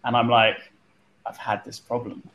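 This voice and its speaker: A man's voice: mid-range voice, monotone, normal speed, a bit bright, muffled recording. A man telling stories in a casual group chat, often repeating words as he starts a phrase. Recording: light background noise.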